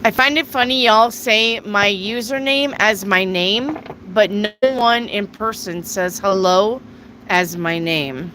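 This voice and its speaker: Slow, bright-voiced woman tarot reader. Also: mid-range voice, slight background noise, low-quality recording. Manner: chatty, reads viewer questions aloud and answers. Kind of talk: live tarot reading, casual chat.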